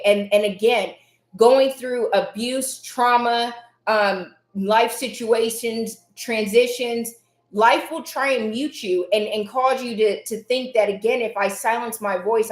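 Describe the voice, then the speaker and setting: A woman's voice: mid-range voice, roomy sound. A woman hosting a motivational live stream, talking emphatically, repeating her key lines and answering viewers by name. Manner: emphatic, repeats key phrases, reads chat names aloud.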